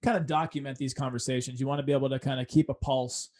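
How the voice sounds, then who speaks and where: A man hosting an interview podcast, chatting casually and building his questions out loud. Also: mid-range voice, steady tone, quick pace. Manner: casual, uses fillers and restarts while forming questions. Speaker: podcast host.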